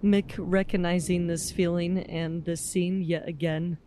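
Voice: medium pitch, little pitch movement, a little slow, noisy background. A player in a tabletop game describing their character's actions in the third person, with some hesitation.

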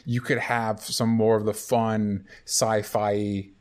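A man's voice: on the low side, flat delivery, slow pace, a little mellow. A man co-hosting a podcast in casual chat, rambling through his points with many restarts. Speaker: podcast co-host.

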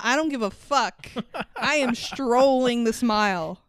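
Smooth-voiced woman chatting casually. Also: fairly high pitch, normal speed, no echo, clean studio sound. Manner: animated, profane, laughs often. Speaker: podcast co-host. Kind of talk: casual movie review chat.

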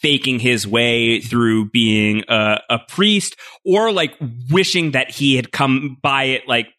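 A man talks through ideas on a casual podcast with a bright, forceful edge to his voice. He rambles, circles back and leans on fillers as he thinks aloud. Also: medium pitch, slow pace. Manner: rambling, loose, heavy with fillers and restarts. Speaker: podcast co-host.

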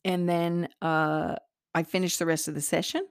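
A middle-aged woman with a low voice tells a personal story in an earnest, meandering way. Her tone is gravelly, full of fillers and false starts, and the sound is dry and close. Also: little pitch movement, moderate pace, no echo. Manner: earnest, rambling, many fillers and restarts. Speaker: podcast host, healer.

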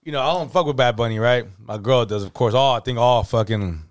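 A man's voice: medium pitch, a little fast, no room sound, studio quality. A man co-hosting a podcast, telling a story in loose casual chat, full of fillers and swearing. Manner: rambling, profane storyteller with many fillers. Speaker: podcast co-host.

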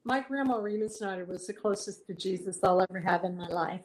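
A woman of average pitch speaks as a guest in a casual interview. She tells heartfelt stories in an earnest, unhurried way, often stopping to restart a thought. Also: a little mellow, a little hiss or hum, low-quality recording. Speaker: guest singer-songwriter.

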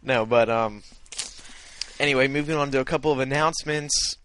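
A man's voice: mid-range voice, moderate pace, fairly bright tone, smooth, dry recording. Young guy hosting a podcast, rambly, dry sound, laughs a bunch. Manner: rambling, restarts often, laughs. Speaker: podcast host. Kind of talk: casual podcast banter. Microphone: internet call.

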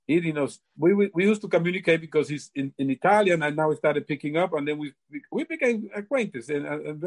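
Older man, halting, repeats himself. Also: on the high side. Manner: halting, repeats words often. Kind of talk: casual storytelling.

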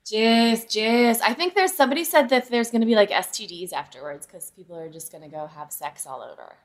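A woman's voice: on the high side, animated, fairly quick. A woman hosting a podcast in casual comedic chat, wry and teasing with crude jokes. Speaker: podcast host.

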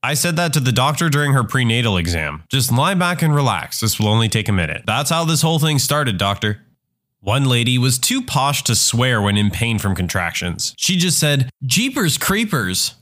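A man narrating a string of short reader-submitted stories, jumping up in pitch to quote other people. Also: moderate pace. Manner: animated, jumps to a higher pitch when quoting others. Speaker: narrator reading online comments.

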